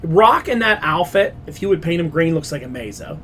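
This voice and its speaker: A man co-hosting a pop culture podcast, talking in an opinionated, animated way and swearing casually. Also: fairly high pitch, a little fast, a little hiss or hum. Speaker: podcast co-host.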